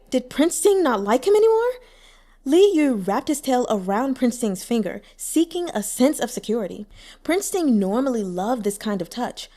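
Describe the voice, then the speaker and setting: A woman reading a novel aloud as an audiobook narrator, telling the story expressively. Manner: expressive storytelling with lively pitch. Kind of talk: scripted narration.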